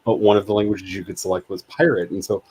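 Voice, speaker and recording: A man chats casually as the host of a live stream. His voice sits somewhat low, and he rambles through his stories, often restarting a thought mid-sentence. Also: fairly even intonation, quick pace, a little mellow, breathy edge, rough recording. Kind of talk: casual chat.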